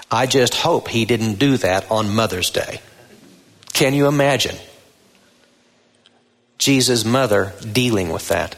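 Male pastor, unhurried sermon delivery, mid-pitched, big reverberant hall. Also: creaky, fairly bright tone. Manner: deliberate, emphatic preaching with rising stresses on key words. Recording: long reverb of a large hall.

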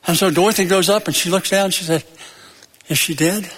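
Male preacher, high voice, emphatic swings from loud peaks to low, recorded in a reverberant hall. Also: fairly even intonation, very fast. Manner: tells jokes and stories. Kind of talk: sermon.

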